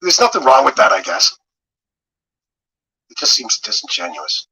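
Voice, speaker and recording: A man making measured, dismissive remarks in casual commentary. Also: medium pitch, very animated, bright, forceful tone, husky, poor audio.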